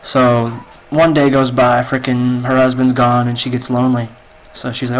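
A man's voice: mid-range voice, level tone, moderate pace, poor audio. Rambling man telling a joke on voice chat. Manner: rambling, filler-heavy storytelling. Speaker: game player.

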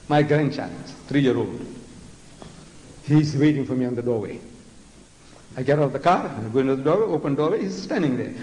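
An older man with a South African accent, giving a mocking, animated lecture and mimicking the voices of others. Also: medium pitch, a little hiss or hum. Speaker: public speaker. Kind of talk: lecture before an audience. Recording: echoey hall recording.

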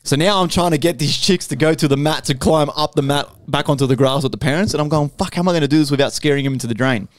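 Lively guy spinning a yarn. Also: a little high, fast, few pauses, dry recording. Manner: animated, swears constantly, keeps adding "right?". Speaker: podcast host. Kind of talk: casual storytelling chat.

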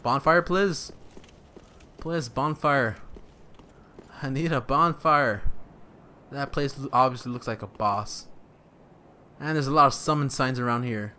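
Bright-voiced excitable young gamer man. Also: moderate pace, pauses often. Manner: excitable, yelps and panics, then mutters low. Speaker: gaming channel host. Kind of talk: let's play commentary.

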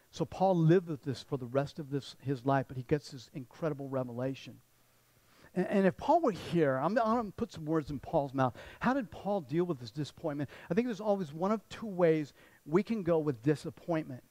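A man's voice: on the high side, darkish tone, no room sound, rough recording. A man pastor giving a conversational sermon, often repeating words and restarting sentences.

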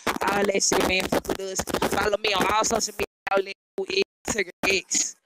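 A woman who is a hip-hop artist, giving proud, profane shout-outs in an interview. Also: mid-range voice, level tone, brisk. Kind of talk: casual interview talk. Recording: loud background noise.

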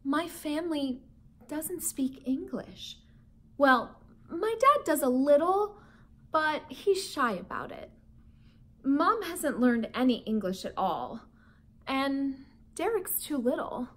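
A woman reading a storybook aloud, voicing a shy, gentle schoolgirl in a hushed, soft manner. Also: high voice, sing-song, slow, heavily acted. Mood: confiding.

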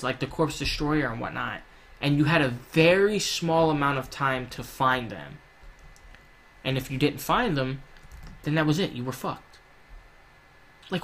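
A man's voice: mid-range voice, a bit bright, slight background noise. A man giving casual, rambling gameplay commentary, swearing often and drifting into rants. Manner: rambling, profane, ranting. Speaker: gaming YouTuber.

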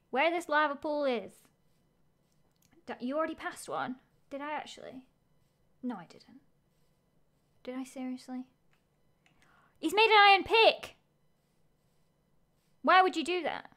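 High-voiced excitable woman streamer. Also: a little slow, long pauses. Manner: excitable, narrates her own play aloud. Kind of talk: live game-stream chatter.

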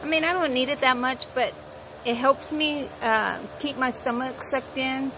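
Before heading to work, a young vlogger talks from her car in a high voice with a steady tone and normal speed. There's background noise, and her story meanders with lots of fillers.

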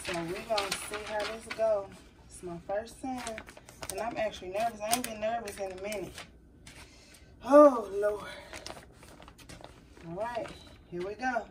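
A woman's voice: mid-range voice, fairly even intonation, moderate pace. A chatty woman talks her viewers through a home craft project, sounding nervous and calling them y'all. She sits a little back from the mic, so her voice comes across somewhat distant, with a faint hiss underneath. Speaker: crafting vlogger. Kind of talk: casual tutorial chat to viewers.

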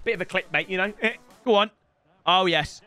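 A young man giving excitable commentary on his own football video game matches, with shouting outbursts and joking banter. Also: high voice, a little fast, clear, resonant tone, faint music behind. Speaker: gaming YouTuber.

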